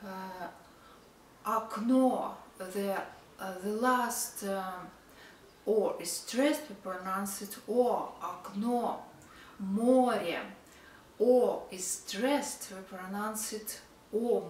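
A woman with a Russian accent teaching a casual language lesson, explaining slowly with many hesitations. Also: medium pitch, a little mellow, reverberant, distant mic, a little hiss or hum, poor audio.

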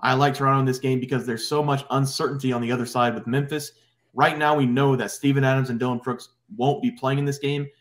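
A man hosting a sports betting picks show, running the segment in a brisk, upbeat presenter manner. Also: medium pitch, flat delivery.

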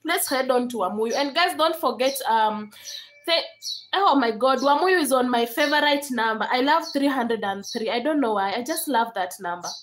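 A woman's voice: high voice, animated, normal speed, a bit bright, rough recording. A young Kenyan woman chatting casually to viewers on a live stream, laughing often and slipping between English and Swahili. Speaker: livestreamer.

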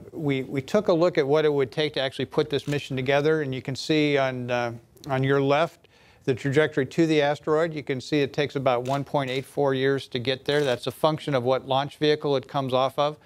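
Man, mission presenter, smooth resonant voice, measured, explanatory. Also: mid-range voice. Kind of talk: technical presentation.

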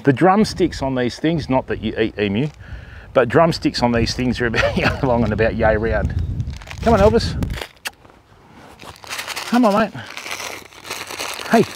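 A man's voice: medium pitch, expressive, moderate pace, a little hiss or hum. A man hosting a casual outdoor livestream at a wildlife park, coaxing the animals in a sing-song voice.

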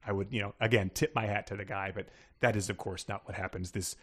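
A man's voice: fairly low pitch, steady tone, quick pace. A man co-hosting a casual book podcast, rambling through plot summaries with frequent restarts and laughter. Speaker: podcast co-host.

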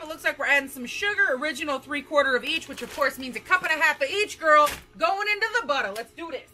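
A woman's voice: high voice, expressive, fast talker, hardly any pauses, pushed and bright. A young woman in her twenties filming a casual baking vlog in her home kitchen, talking to viewers in a goofy, bubbly way with sing-song asides, picked up by a camera propped on the counter. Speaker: vlogger.

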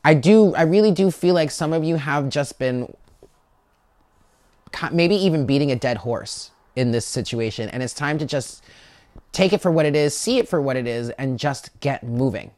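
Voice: mid-range voice, animated, normal speed, darkish tone, dry recording. Chatty tarot reader talking straight to viewers, stumbling and repeating words, in a dry, close sound. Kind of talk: casual monthly tarot reading to camera.

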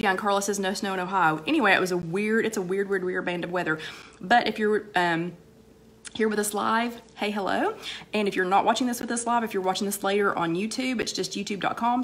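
A woman with a mid-range voice hosts a live online chat, sounding slightly hoarse from a cold. She rambles casually, greeting viewers by name between sentences and using lots of fillers and repeated phrases.

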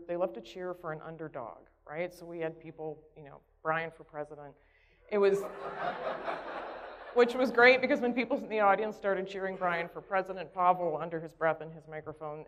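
A woman's voice: lowish voice, slight background noise. A woman telling a story at a conference, chatty and conversational, often checking in with the audience. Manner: conversational, keeps asking "right?". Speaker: conference speaker. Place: conference hall stage. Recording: dull sound in a reverberant hall.

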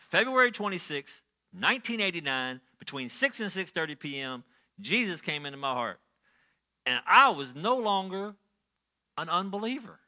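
A middle-aged man preaching a sermon as a pastor, telling stories and swinging from quiet asides to loud, excited bursts. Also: sits high.

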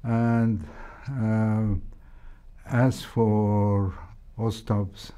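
An older man, a heart surgeon with an Egyptian accent, recalling his training in a reflective interview, speaking in a measured way with frequent hesitations. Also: fairly low pitch, flat delivery, dark tone, smooth. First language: Arabic.

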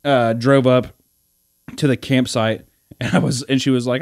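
A young man on a podcast, telling a long story in a rambling, animated way, full of fillers and laughing as he acts out the other people in it. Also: mid-range voice, a little slow, no echo, studio quality. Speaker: podcast co-host. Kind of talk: casual storytelling chat.

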